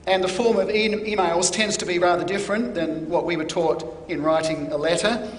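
Man, preacher, sermon, high-pitched, deliberate, stresses key words, echoey hall. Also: fairly even intonation, slight background noise.

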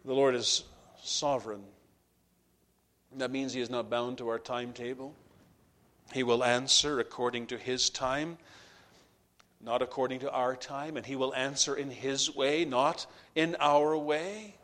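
A man preaching a sermon, swinging from hushed whispers to loud, fervent climaxes with slow, deliberate phrasing. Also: medium pitch.

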